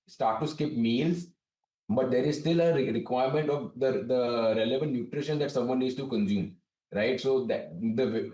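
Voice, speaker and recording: Male company director, measured explainer, dark tone, heard far off in an echoey room. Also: mid-range voice. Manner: measured, explanatory, frequent restarts. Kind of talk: business interview answers. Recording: distant, roomy remote link.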